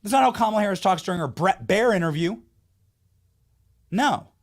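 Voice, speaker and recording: A male host delivering a political commentary monologue with a sarcastic, emphatic edge. His voice sits a little high for a man, and he leans on repeated phrases to hammer his points home. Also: animated, brisk.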